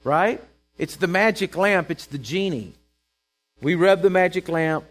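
A man whose voice sits high speaks a little slowly as he preaches a sermon conversationally. He checks in with his listeners and acts out Bible characters, giving them quoted voices.

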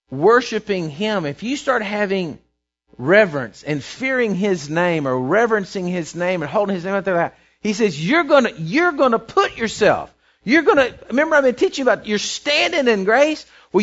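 Man preaching, high animated voice, conversational, dull lo-fi recording. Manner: conversational, checks in with listeners, shifts to soft quiet voice for prayers. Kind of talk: sermon.

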